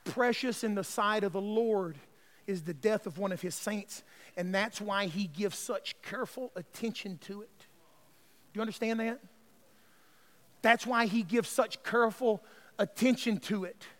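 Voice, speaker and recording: A male pastor preaching a sermon, swinging between hushed, tender passages and loud, shouted exclamations. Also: high-pitched, unhurried.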